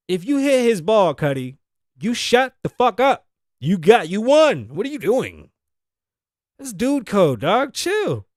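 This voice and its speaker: Animated, profane male talk show host. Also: high-pitched, no room sound, clean studio sound. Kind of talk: comedic monologue.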